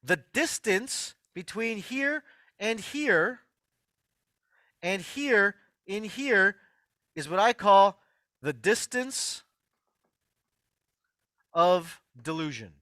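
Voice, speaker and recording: Bright, animated man lecturing emphatically. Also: sits high, extremely slow, pauses often, no echo. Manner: emphatic, repeats key phrases, addresses listeners directly. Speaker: host of an online healing workshop. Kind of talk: motivational health lecture.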